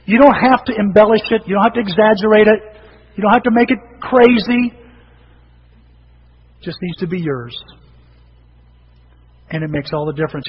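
A middle-aged man preaching in a high, easy storytelling voice, slipping into the voices of people he quotes. He sounds like he is in a large church, with a long reverb tail. The recording is dull and muffled, with a faint hiss underneath. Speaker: pastor. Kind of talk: sermon. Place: church sanctuary.

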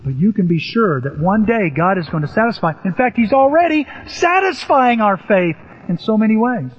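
A man's voice: high-pitched, sing-song, normal speed, breathy edge. An older man preaching a sermon, telling stories animatedly with sudden rises in his voice. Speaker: pastor. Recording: echoey hall, dull lo-fi sound.

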